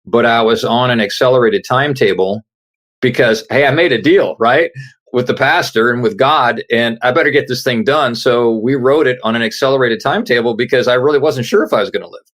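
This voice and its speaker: A middle-aged man, an author appearing on an interview show, talks a little fast in a medium-pitched, slightly bright voice. He earnestly shares a personal story, performing the quoted lines of its people.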